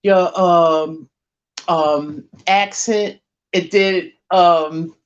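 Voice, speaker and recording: Slow, low-voiced woman on a dull line. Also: steady tone. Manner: mostly brief backchannel replies. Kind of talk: casual chat.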